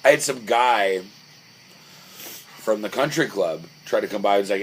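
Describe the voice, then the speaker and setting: A man's voice: on the low side, animated, moderate pace, pauses often, fairly bright tone, low-quality recording. A young man chatting casually on a podcast, rambling through stories with lots of fillers and restarts. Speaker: podcast co-host. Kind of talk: casual chat. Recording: faint background noise.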